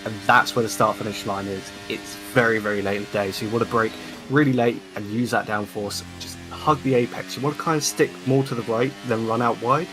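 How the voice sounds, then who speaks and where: A man with a low voice talks calmly through a sim racing lap, corner by corner. He explains braking points and racing lines in a relaxed, instructive way. Clear music runs behind him. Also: fairly quick. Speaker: lap guide commentator.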